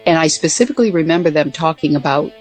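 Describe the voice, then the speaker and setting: Low-voiced older woman telling stories. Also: lively intonation, quick pace, a little mellow, soft background music. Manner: earnest, with fillers and restarts. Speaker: guest, former Air Force pilot. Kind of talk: casual storytelling interview.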